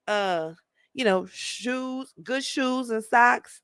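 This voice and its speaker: A woman's voice: on the high side, extremely slow, a bit bright, clean tone, no echo. A middle-aged woman talking casually to her viewers, chatty, emphatic and a little preachy. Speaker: parenting vlogger. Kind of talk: casual monologue to camera.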